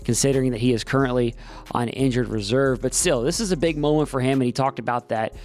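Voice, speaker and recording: A man as team media host, giving a smooth, measured scripted narration between clips. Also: medium pitch, a little mellow.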